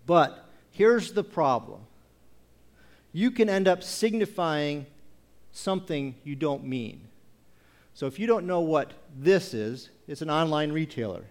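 A man with a notably high voice preaches a sermon. He presses his point through strings of rhetorical questions and reads scripture aloud, slowing down on the phrases he wants to stress. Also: lively intonation. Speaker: pastor.

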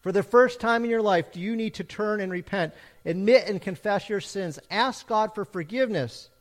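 High-voiced pastor preaching emphatically. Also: male voice, moderate pace. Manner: emphatic preaching, rising and falling with repeated questions. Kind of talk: sermon.

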